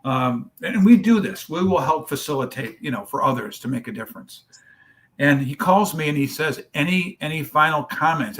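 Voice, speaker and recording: Man, charity founder, storyteller, acts out dialogue, mid pitch. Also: a bit bright. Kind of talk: telling a story in a podcast interview.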